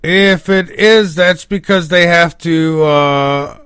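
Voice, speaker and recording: A man's voice: a little high, takes it slowly, fairly bright tone, clean tone, no echo. A man hosting a live radio interview, speaking in a stumbling, hesitant way with lots of fillers. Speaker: radio show host.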